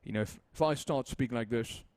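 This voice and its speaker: A man's voice: medium pitch, fast, a little mellow. A young man with a Mancunian accent, casting an esports match in a chatty, rambling way, often correcting himself and laughing. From Manchester, with Libyan roots. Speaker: esports caster. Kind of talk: casual esports commentary.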